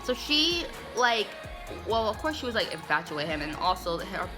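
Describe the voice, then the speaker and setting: Host, woman, casual sarcastic recapper, clear music bed underneath. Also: mid-range voice, big pitch swings, normal speed. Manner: sarcastic, chatty, lots of "like".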